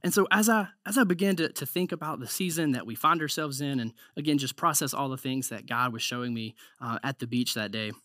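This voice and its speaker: A man's voice: mid-range voice, a bit bright, dry recording, clean studio sound. A man preaching a conversational sermon, often repeating words and saying "like".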